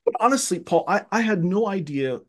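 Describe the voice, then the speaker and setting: A middle-aged man, raised in Egypt, tells his childhood stories in a loose conversational way. He often restarts and repeats words as he goes. His voice jumps up in pitch whenever he acts out what he or others said. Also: a little fast. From Armenian family raised in Egypt. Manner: animated, repeats words as he restarts, rising pitch when quoting himself. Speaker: guest. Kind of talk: casual conversational storytelling.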